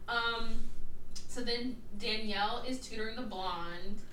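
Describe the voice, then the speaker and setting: A woman's voice: fairly high pitch, slow pace, bright, forceful tone, echoey room, recorded from a distance, slight background noise, poor audio. A woman hosting a podcast, chatting casually and profanely about a movie and acting out the characters' lines. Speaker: podcast host. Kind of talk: casual chat reviewing a movie.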